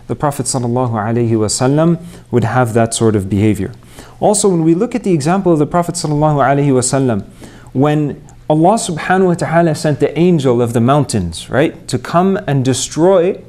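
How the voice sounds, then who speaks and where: A man's voice: fairly high pitch, a little mellow. A young man born and raised in Montreal, giving an earnest mosque talk and putting rhetorical questions to his audience. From Canada, Montreal. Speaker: Islamic preacher.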